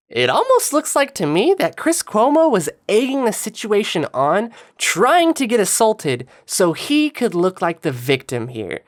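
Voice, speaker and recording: Sarcastic low-voiced woman commentator. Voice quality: sarcastic, taunting, lively inflection. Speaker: political commentator. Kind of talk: mocking video commentary over clips.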